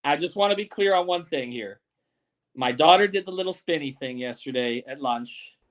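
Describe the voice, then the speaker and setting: A man's voice: fairly high pitch, expressive. A middle-aged man hosting a sports podcast postgame show, talking bluntly and swearing while telling stories. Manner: blunt, profane, fast storytelling.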